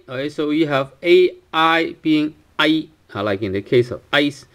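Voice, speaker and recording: A man's voice: fairly high pitch, moderate pace. A man teaching a pronunciation lesson, hesitant and full of fillers, asking "right?" often and repeating sounds for practice. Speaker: language teacher.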